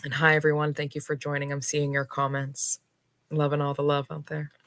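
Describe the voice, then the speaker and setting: A woman hosting a live spiritual talk, unhurried and reflective, speaking to her viewers with soft laughs and pauses. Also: deep voice, monotone.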